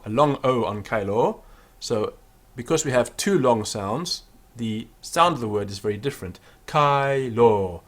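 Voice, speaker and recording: A man giving a Latin pronunciation lesson, chanting each phrase slowly and then explaining the sounds. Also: medium pitch, lively intonation. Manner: slow, deliberate, sings out each Latin word then explains. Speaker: Latin teacher.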